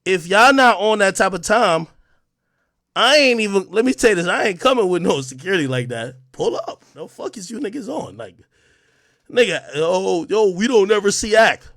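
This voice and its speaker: Male streamer host, high voice, loud profane trash talk dropping to low mutters. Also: sing-song, moderate pace, no room sound, clean studio sound. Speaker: livestream host. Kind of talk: ranting livestream talk.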